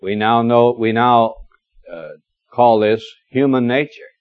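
A middle-aged man preaches through a scripture passage, lingering on key words and slipping in wry asides. His voice has a medium pitch. The recording is dull and dry, like an old cassette. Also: no room sound. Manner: warm storytelling, gently humorous, reads scripture slowly. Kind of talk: expository sermon.

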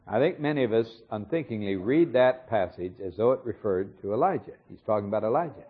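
A man gives a verse-by-verse sermon, calm and explanatory, now and then pausing on a filler. His voice is husky, and his pitch moves a lot through each sentence. The recording sounds dull and lo-fi. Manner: measured, explanatory, with occasional fillers. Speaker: Bible teacher. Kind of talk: expository sermon.

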